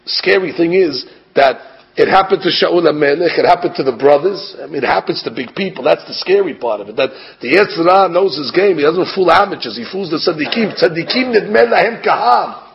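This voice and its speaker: A man preaches in a high, raspy and gravelly voice, firing off rhetorical questions and dropping in Hebrew terms. The recording sounds dull and lo-fi. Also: expressive, a little fast. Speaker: rabbi giving a Torah class. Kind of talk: sermon.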